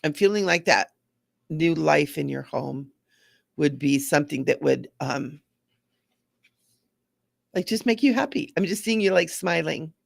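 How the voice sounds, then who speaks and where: A woman's voice: low-pitched, expressive, measured pace, creaky, pauses often, no room sound, studio quality. A woman hosting a live spiritual card reading, chatty and affirming, repeating mantras to her viewers. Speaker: intuitive card reader.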